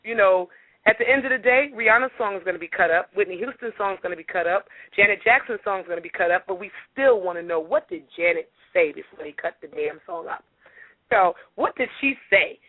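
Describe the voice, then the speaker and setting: A woman singer being interviewed on talk radio, telling stories in a lively way and acting out the dialogue. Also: medium pitch, a little fast, no echo. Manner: animated, acts out dialogue in her stories. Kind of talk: casual radio interview storytelling. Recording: dry, phone-like radio audio.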